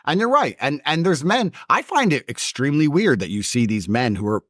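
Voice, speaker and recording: A man's voice: on the high side, sing-song, a little fast, fairly bright tone, no echo, clean studio sound. A man talking as a podcast guest in a blunt, emphatic, mocking way. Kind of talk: podcast conversation.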